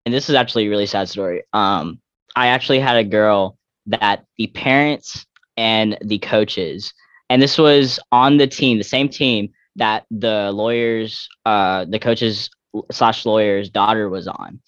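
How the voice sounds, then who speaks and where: A man's voice: fairly low pitch, fairly bright tone, smooth, dry recording. Young man, rambling, lots of "like". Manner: rambling, heavy filler "like", quick restarts. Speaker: guest athlete. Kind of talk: casual interview talk. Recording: dull lo-fi dry recording.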